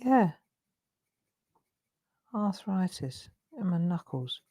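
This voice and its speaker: A woman with a fairly low voice leads a relaxed drawing tutorial. She talks chattily as she works, with a self-deprecating humour. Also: drawn-out words, slightly rough. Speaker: craft demonstrator hosting a live stream.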